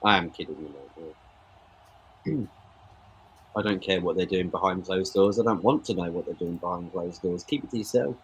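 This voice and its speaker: A man's voice: low-pitched, normal speed, pauses often, husky, highs cut off. A man co-hosting a football watchalong, chatting casually and opinionated, calling his co-host "mate". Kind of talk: casual live match chat.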